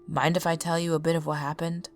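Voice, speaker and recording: A woman voicing a weary, haunted drifter man who talks in a flat, even way, in a spoken horror story. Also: deep voice, quick pace, faint music behind, natural voice. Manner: flat, even, burdened delivery.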